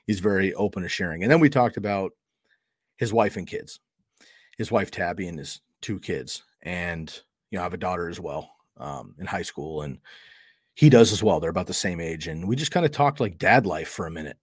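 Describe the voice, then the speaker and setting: A man's voice: low-pitched, expressive, normal speed, breathy edge, dry recording, studio quality. A middle-aged man hosting a podcast, telling a story in a casual, conversational way and acting out the quoted dialogue. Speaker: podcast host.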